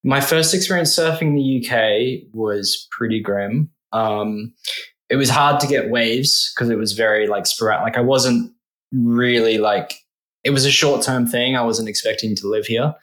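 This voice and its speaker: A man's voice: medium pitch, normal speed, fairly bright tone. A man appearing as a podcast guest, telling stories casually and poking fun at himself, with many fillers. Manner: self-deprecating, many fillers. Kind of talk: casual storytelling. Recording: roomy echo.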